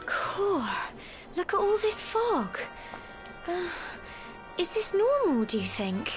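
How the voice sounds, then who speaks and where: A woman's voice: very high-pitched, very animated, takes it slowly, exaggerated voice. A woman voicing a plucky blonde girl sidekick in a video game, with a British accent, calling out spirited battle cries. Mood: wondering. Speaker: game companion character. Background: loud game music.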